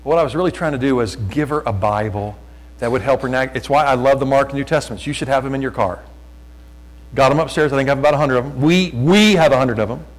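A man preaching a sermon, telling folksy stories and talking loud, often repeating his phrases. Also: medium pitch, fast, low-quality recording. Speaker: pastor.

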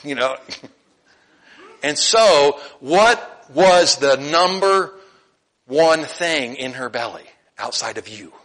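A man's voice: fairly high pitch, expressive, slow pace, pauses often, a bit bright. A male preacher delivering a conversational sermon, asking the congregation questions and laughing often.

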